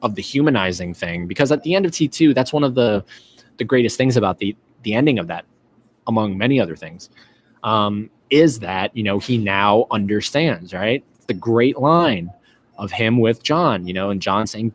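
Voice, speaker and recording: A man's voice: fairly low pitch, animated, normal speed, a little hiss or hum. A man hosting a live-stream podcast, chatting casually and reading out viewer comments, with lots of fillers and restarts. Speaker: podcast host.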